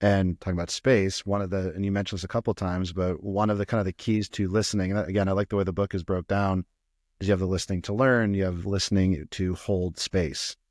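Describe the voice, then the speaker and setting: A man hosting a podcast interview, asking thoughtful questions in a halting way, with many restarts. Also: low voice, little pitch movement, a little mellow, no echo, studio quality. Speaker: podcast host.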